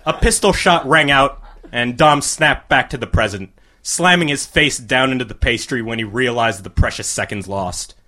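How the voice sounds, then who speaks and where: Before a live audience, a man reads a crude comic short story aloud in a deadpan style. His voice is mid-range and he keeps to a normal speed.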